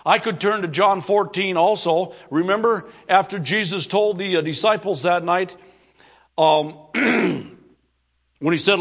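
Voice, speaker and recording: Earnest high-voiced preacher man. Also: unhurried, a bit bright. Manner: earnest preaching with emphatic repetition. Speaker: pastor. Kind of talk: sermon.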